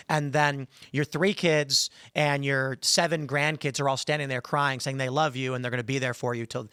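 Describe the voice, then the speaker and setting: A man hosting a podcast, telling stories in an animated way and acting out the voices in them. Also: medium pitch, moderate pace, hardly any pauses, clear, resonant tone, no room sound, clean studio sound. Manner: animated storyteller, acts out quoted voices. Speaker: podcast host. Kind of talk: casual talk-show chat.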